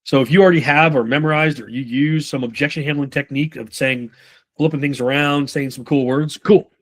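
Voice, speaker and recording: A man leading a live sales training session in a casual, profane way, often acting out quick lines from buyers and reps. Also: a little high, fairly even intonation. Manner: casual, swears freely, acts out buyer and rep lines.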